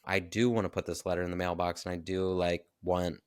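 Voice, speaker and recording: A man co-hosting a podcast, talking through a movie in relaxed, measured casual chat with short agreeing replies. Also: sits low, clear, resonant tone, dry recording, clean studio sound. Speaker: podcast co-host.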